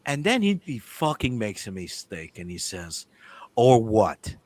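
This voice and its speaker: A man telling a story in casual chat, swearing freely and acting out the dialogue with lively energy. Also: fairly low pitch, moderate pace, no room sound. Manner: animated, profane, acts out the dialogue. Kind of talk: casual storytelling among friends.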